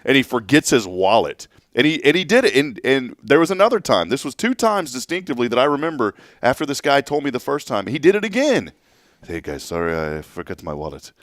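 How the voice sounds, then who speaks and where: Lively storytelling man, dry close sound. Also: mid-range voice, quick pace, hardly any pauses, no room sound. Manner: animated storyteller, laughs often. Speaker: radio show co-host. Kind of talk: casual on-air chat.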